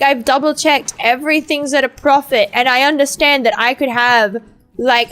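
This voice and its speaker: A woman's voice: high-pitched, a bit bright, clear, resonant tone. A young woman chatting casually on a gaming stream, rambling and ranting with lots of swearing and fillers. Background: faint game music.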